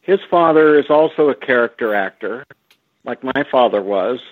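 A man, a guest on an interview show, recalling stories slowly with many fillers and restarts. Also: medium pitch, expressive, no echo. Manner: slow, halting, with frequent fillers and restarts. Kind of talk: relaxed storytelling over a phone line. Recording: tinny phone line, dry.

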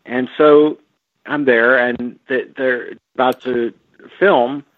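Slow-talking man on a tinny phone line. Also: mid-range voice, steady tone, no echo. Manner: slow, halting, with frequent fillers and restarts. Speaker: guest. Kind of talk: relaxed storytelling over a phone line.

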